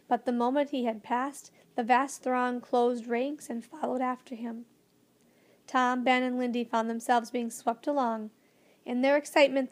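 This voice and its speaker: A woman narrating a children's storybook with a gentle, expressive reading. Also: on the high side. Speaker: audiobook narrator.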